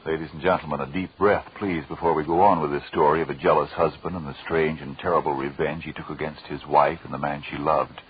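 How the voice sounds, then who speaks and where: A man's voice: extremely low pitch, steady tone, fast talker, hardly any pauses, noisy background. A male radio announcer reading persuasive ad copy in an emphatic, old-time manner. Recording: dull old radio recording.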